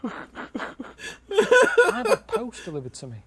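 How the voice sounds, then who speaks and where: A man around forty telling rambling stories in a deadpan way during a casual studio chat. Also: extremely high pitch, takes it slowly. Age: 40s. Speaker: guest.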